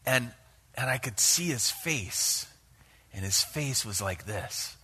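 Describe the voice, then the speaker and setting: A man preaching a sermon, moving between hushed asides and loud acted-out quotes from scripture. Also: mid-range voice, slow, a little hiss or hum. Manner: animated, shifts between hushed and shouted quotes. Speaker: pastor.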